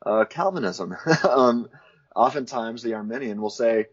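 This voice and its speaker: The guest here is a man, a Christian philosopher, whose mid-range voice is slightly rough and a little slow. In a casual interview recorded in dull lo-fi quality, he thoughtfully explains theology, laughing lightly between ideas.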